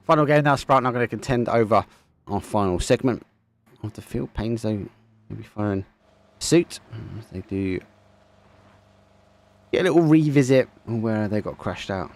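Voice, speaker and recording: A man's voice: fairly low pitch, expressive, moderate pace, long pauses. A man from England with an Essex accent, casting a live esports match and chatting casually with viewers. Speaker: esports caster. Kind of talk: live game commentary with chat.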